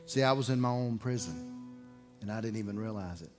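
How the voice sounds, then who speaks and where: A man from preaching a sermon as pastor, telling a personal story with loud bursts and hushed low passages. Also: a little fast, over music. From Alabama.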